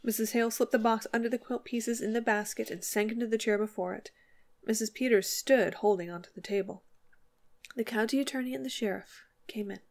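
Woman narrating a classic story. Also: a little high. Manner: measured, expressive reading. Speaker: audiobook narrator. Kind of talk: scripted narration.

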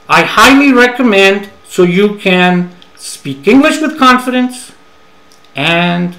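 A man with a fairly high voice teaches at an unhurried pace and says each key phrase twice. His voice rings in an echoey room. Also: sharp tone. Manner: repeats key phrases slowly in English, then gives them in Spanish. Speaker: English teacher. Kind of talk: bilingual English lesson.

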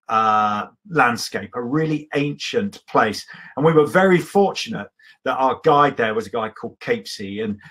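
A man's voice: medium pitch, a bit bright, husky. A man giving an enthusiastic, rambling live talk about his travels to an audience, with plenty of ums and asides. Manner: enthusiastic, rambling storyteller with many fillers.

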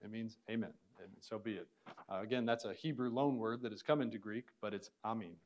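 In a classroom lesson, a man with a fairly low voice slowly sounds out words one syllable at a time and asks his students questions. The recording has its high frequencies cut off.

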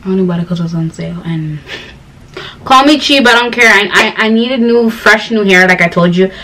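A woman's voice: mid-range voice, fairly quick. Young woman vlogger from Ghana, rambly chatty storyteller, slightly distant mic. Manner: chatty, rambling storytelling with animated quoted voices. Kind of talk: casual chat to camera.

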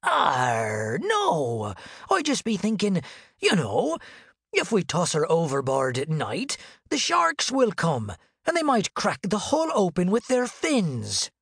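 A man voicing a gruff but soft-hearted male pirate with a hook hand, who growls "arr" and frets. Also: sits high, wildly swooping pitch, slow, no echo, clean studio sound, full character voice. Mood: fretful. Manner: growls "arr" before every line, fussy and worried.

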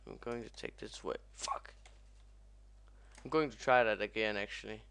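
A young man commentating as he plays a video game, excitable and swearing often. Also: lowish voice, normal speed, gravelly, pauses often, clear, resonant tone. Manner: excitable, swears a lot, yelps at crashes. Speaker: gaming commentator. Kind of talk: let's play commentary.

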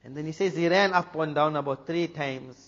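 A man from South Africa, a preacher telling a story in an animated way, dropping to a hush for the dramatic moments. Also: on the high side, fairly quick. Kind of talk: storytelling talk. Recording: dull lo-fi recording with long hall reverb.

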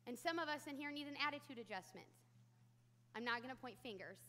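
A high-voiced woman in her thirties delivers a conversational sermon, candid and quick to poke fun at herself. Her tone is bright and forward, and long church reverb trails each phrase. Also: expressive. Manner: candid, self-deprecating, conversational. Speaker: preacher. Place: church sanctuary.

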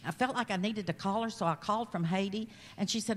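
A woman's voice: medium pitch, fast talker, long reverb tail. A woman in her sixties with a Southern accent, giving an earnest, chatty missionary testimony at church. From Kentucky. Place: church sanctuary.

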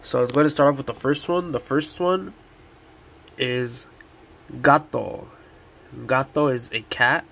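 A man teaching Spanish words at a board, repeating each one slowly and deliberately. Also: medium pitch, a bit bright. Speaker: Spanish tutor.

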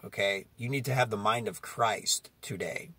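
A man's voice: fairly low pitch, moderate pace, bright, forceful tone, breathy edge, no room sound. A man preaching a fiery sermon, confronting his listeners and often asking "okay?" between his points. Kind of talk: street-style sermon.

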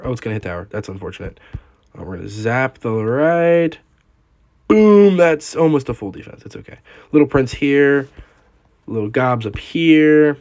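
A young man giving live commentary over his own gameplay, excitable, swinging from quiet muttering to loud outbursts at the game. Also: medium pitch, moderate pace. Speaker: gaming YouTuber.

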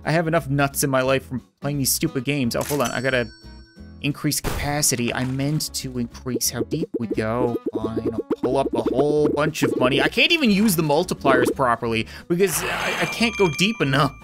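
A woman's voice: very deep voice, moderate pace, over music. A woman giving rambling, sarcastic commentary while playing a video game. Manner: rambling, sarcastic, laughs often. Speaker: gaming video host. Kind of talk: let's play commentary.

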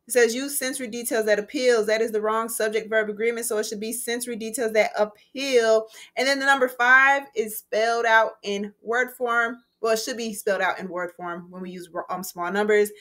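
Woman teacher walking thru an essay lesson, chatty and friendly, middle pitch. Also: bright, forceful tone. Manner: friendly, conversational, explaining step by step. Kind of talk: recorded writing lesson.

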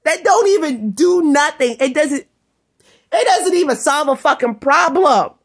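A woman vlogger in an angry, rambling rant, swearing constantly and often breaking into shouts. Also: high-pitched, animated, measured pace. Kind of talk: ranting vlog monologue.

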